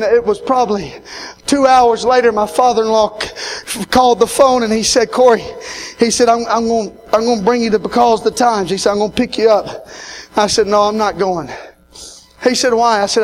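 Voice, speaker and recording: A man, preaching a sermon as pastor, swinging from shouted climaxes to hushed, personal storytelling. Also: very high voice.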